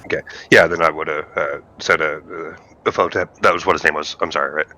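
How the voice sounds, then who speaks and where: Deep, sharp-toned hesitant male player. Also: fairly even intonation. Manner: hesitant, many pauses. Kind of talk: tabletop game play, partly in character.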